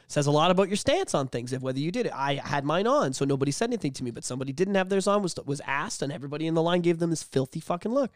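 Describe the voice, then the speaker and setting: A man co-hosting a casual podcast, talking animatedly and swearing, slipping into mocking high voices. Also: animated, very fast, few pauses, no room sound, clean studio sound. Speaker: podcast co-host. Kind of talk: casual chat.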